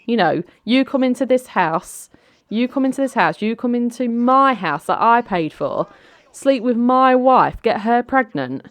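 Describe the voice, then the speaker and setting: A woman's voice: lowish voice, a little slow, no room sound, natural voice. A woman voicing an angry, jealous middle-aged ex-husband who confronts his former wife's new partner. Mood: indignant. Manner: indignant, confrontational.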